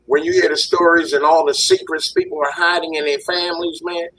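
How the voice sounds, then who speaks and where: A man on a discussion panel with a hoarse, husky voice from a recent illness, ranting heatedly and swearing a lot. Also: fairly high pitch, flat delivery, brisk, bright, forceful tone, a little hiss or hum, rough recording.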